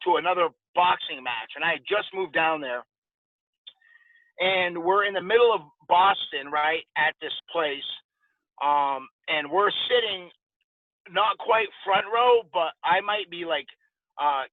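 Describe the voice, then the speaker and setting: A man in his forties, a podcast guest, casually telling lively stories and acting out the dialogue. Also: a little high, no room sound. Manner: animated anecdote-telling with quoted dialogue. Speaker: podcast guest, former boxer. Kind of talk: casual storytelling interview. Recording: dry, tinny phone-like sound.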